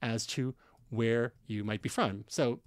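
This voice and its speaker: A man's voice: medium pitch, steady tone, takes it slowly, no echo, clean studio sound. A man from Canada co-hosting a tech podcast, explaining news in a casual, conversational way with fillers and restarts. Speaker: podcast co-host.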